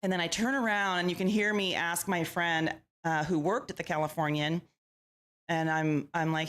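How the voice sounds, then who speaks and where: A woman who investigates ghosts, a guest on an interview show, telling her stories in a lively way and acting out the lines people said. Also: fairly low pitch, normal speed. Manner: lively storyteller who acts out quoted lines. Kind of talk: casual interview storytelling.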